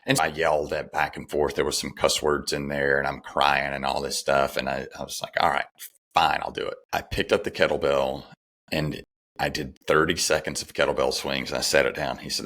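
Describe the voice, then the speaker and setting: A man's voice: extremely low pitch, flat delivery, a little fast, a bit bright. A middle-aged man, a podcast guest, candidly telling a personal story and retelling the dialogue, with some restarts.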